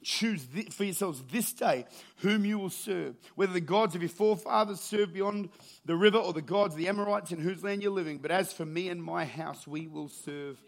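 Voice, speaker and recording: A man preaching a sermon as pastor, with lively storytelling that builds to shouted calls and then drops low and quiet. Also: moderate pace, vocal fry.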